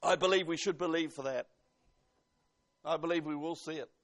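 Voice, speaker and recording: A man's voice: a little high, normal speed, a bit bright. A man preaching a sermon, emphatic, quoting scripture and asking the congregation questions.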